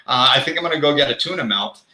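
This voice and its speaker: Here's a live-show host speaking quickly at medium pitch, his voice very bright and pushed forward. Casual and lively, he performs snippets of dialogue and laughs at his own expense, all captured with the echo of a hard room.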